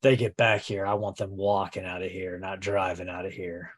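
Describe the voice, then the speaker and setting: A man voicing a gruff, blunt male army officer who barks clipped orders. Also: low voice, little pitch movement, moderate pace, voice pushed down. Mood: commanding.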